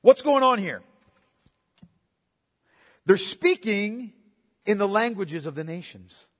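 High-voiced man preaching in a reverberant hall. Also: expressive, takes it slowly, fairly bright tone. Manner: emphatic preaching with rhetorical questions and repetition. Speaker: pastor. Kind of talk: sermon.

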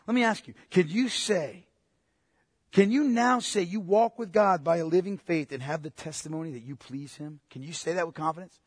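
A male preacher with a strikingly high voice delivers an impassioned sermon, pressing his listeners with pointed questions. He drops to near-whispers, then builds to forceful declarations. His voice sounds dry and close, yet a long reverb trails behind it. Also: normal speed, breathy edge. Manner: impassioned, swings from hushed to forceful.

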